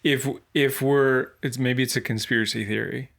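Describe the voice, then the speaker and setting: A man's voice: mid-range voice, steady tone, moderate pace, gravelly, fairly bright tone. A man co-hosting a comedy podcast, offering wry hot takes in a casual chat. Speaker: podcast co-host.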